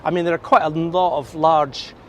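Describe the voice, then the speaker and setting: A man's voice: on the high side, steady tone, a bit bright. A man with a Scottish accent giving chatty walking tour commentary outdoors in a city cemetery, telling stories as he goes. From Scotland. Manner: chatty, storytelling, quick laughs. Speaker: tour guide.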